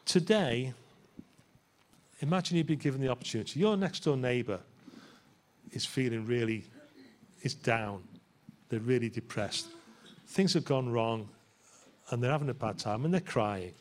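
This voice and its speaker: A man's voice: medium pitch, moderate pace, long pauses, a little hiss or hum. A man, a pastor, preaching a sermon in a church in a conversational way and asking his listeners rhetorical questions.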